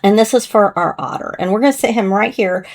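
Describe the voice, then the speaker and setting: A woman talks through a card-making demo in an easy, chatty way, a touch hoarse. Her voice sits at a middling pitch and stays gentle and conversational as she works. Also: lively intonation, a little fast. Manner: chatty, gentle, talks while working with hands. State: slightly hoarse, clearing throat. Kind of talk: casual crafting tutorial narration.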